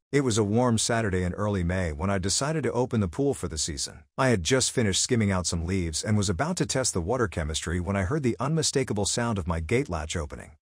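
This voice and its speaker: A man narrating a first-person story in a steady, scripted reading style. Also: on the low side, breathy edge, dry recording, clean studio sound.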